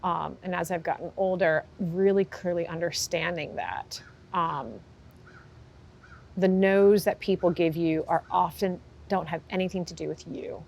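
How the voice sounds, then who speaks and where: A woman horse trainer in an interview, telling her story candidly with animated, lively delivery and frequent fillers. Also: on the low side, a little slow, vocal fry. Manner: animated, acts out quoted reactions, frequent fillers.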